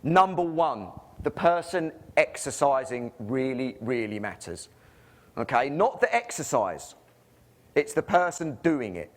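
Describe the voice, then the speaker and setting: A man's voice: mid-range voice, very animated, unhurried. A man with an English accent giving a conference presentation as a physiotherapist, full of rhetorical questions and jokey asides.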